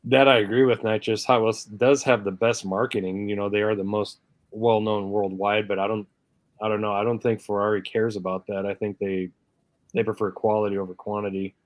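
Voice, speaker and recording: A man's voice: fairly low pitch, little pitch movement, brisk, no echo. A man hosting a casual live chat stream, laughing often and reading out viewer comments. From Canada. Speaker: livestream host.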